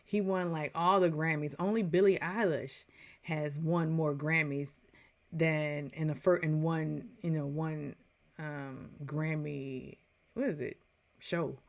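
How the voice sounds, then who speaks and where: A woman's voice: sits low, fairly even intonation, takes it slowly, gravelly. A woman in her forties giving a casual, chatty movie review, full of digressions and playful asides.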